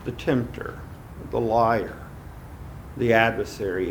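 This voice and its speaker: A man's voice: medium pitch, animated, slow pace, vocal fry, slight background noise. A man preaching a sermon as pastor, emphatic and drawing out his phrases, with asides to the congregation.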